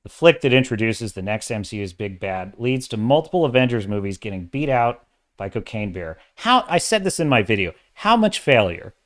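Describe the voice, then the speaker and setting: A man hosting a casual livestream of entertainment commentary, opinionated and exasperated, talking in bursts with restarts. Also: lowish voice. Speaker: host of a sci-fi and fantasy commentary channel.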